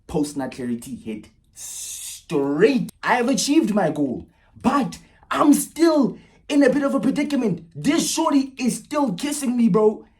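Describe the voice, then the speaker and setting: A young man telling a casual storytime vlog, animated and swinging from loud bursts to low mutters. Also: moderate pace.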